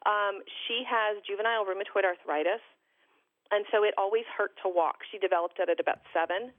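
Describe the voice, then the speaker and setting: A mother calling in as a guest, telling a long story in a lively, chatty way over the phone. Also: mid-range voice, brisk, dry recording. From Dallas area, Texas. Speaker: guest, mother of a daughter with a rare illness. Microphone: telephone. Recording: tinny phone line.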